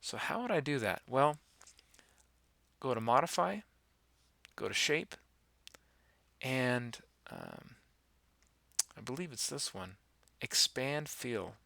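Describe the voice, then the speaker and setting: Guy walking through an animation tutorial, kinda rambly with lots of ums, bright gravelly voice. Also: mid-range voice, slow, long pauses, no echo. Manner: relaxed, rambling, many fillers. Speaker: animation instructor. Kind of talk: screen-recorded software tutorial.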